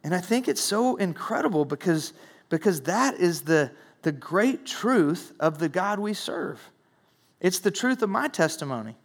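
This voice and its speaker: Earnest higher-voiced man giving testimony. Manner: earnest, repeats words when emotional, drops to a hush at low points. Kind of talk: sermon testimony.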